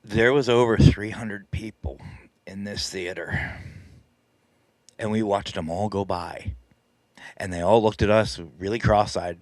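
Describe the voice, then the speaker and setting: Guy telling a story on his stream, lowish voice, dry close sound, laughs a lot. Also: steady tone, a little slow, long pauses, no echo. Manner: chatty, self-deprecating, laughs often. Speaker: paranormal team leader and live stream host. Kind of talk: casual storytelling on a live stream. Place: live stream setup.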